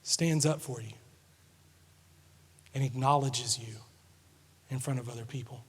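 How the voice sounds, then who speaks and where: A man preaching a sermon, telling a family story with lively swings between quiet asides and loud, excited moments. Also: medium pitch, unhurried, slightly rough. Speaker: pastor. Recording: long hall reverb.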